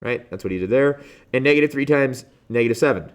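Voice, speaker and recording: A man with a Midwestern accent, teaching a math review lesson in a classroom, animated and joking as he talks through each step. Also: mid-range voice, fast, clear, resonant tone. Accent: Midwestern American. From Midwestern United States.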